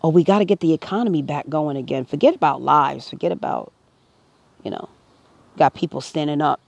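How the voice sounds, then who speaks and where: A woman's voice: sits low, brisk, creaky, darkish tone, dry recording, lo-fi sound. A woman speaking to camera, earnest and preachy, her voice rising to emphatic peaks. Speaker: vlogger. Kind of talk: impassioned personal commentary.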